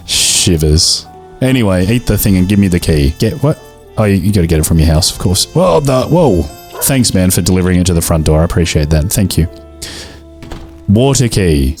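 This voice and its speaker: A man comments casually over a game in a low voice, joking, talking to the characters and sometimes bursting into excitement. Soft music plays faintly behind him. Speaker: gaming video host.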